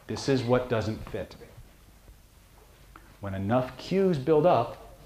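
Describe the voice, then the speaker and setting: A man's voice: medium pitch, a little mellow. A man teaching a seminar on hypnosis and lie detection, blunt and joking, often asking "okay". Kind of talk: casual seminar lecture to a live group. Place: seminar room with audience. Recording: echoey room, faint noise.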